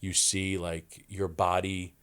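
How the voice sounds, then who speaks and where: A man, a podcast guest telling animated stories and acting out quoted voices. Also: sits low, slow, clear, resonant tone. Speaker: wrestling guest. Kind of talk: storytelling in a podcast interview.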